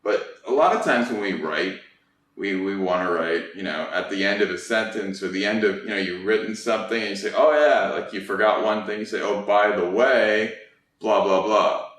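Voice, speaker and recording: A man's voice: sits low, a little fast, fairly bright tone. A young adult man teaching an English lesson in a casual, chatty way, acting out quoted reactions as he explains. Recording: echoey room, distant mic.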